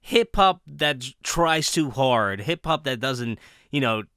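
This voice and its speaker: A man talking in a lively, swooping voice with a bright, sharp edge, often breaking into laughter and dropping casual swears. He sounds close and dry, as if speaking straight into his own mic for a vlog. His pitch sits a little high for a man. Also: takes it slowly, clean tone, dry recording. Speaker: commentator.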